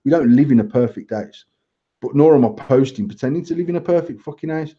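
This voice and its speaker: A man's voice: medium pitch, lively intonation, fast, lo-fi sound. Sweary ranting man on a podcast. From England. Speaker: podcast co-host. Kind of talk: casual podcast rant. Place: living room at home.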